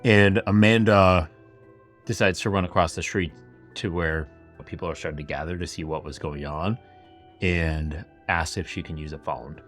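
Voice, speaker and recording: A man's voice: low-pitched, fairly even intonation, moderate pace, fairly bright tone, soft background music. A man hosting a podcast, telling a true crime story in a chatty, casual way with lots of asides. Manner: chatty retelling full of "like" and asides. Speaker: podcast host. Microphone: camera-facing setup.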